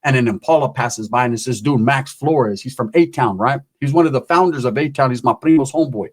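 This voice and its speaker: A man telling a comic story, animated and profane, acting out every character himself. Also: mid-range voice, fairly quick. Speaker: comedian. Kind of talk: comedic storytelling.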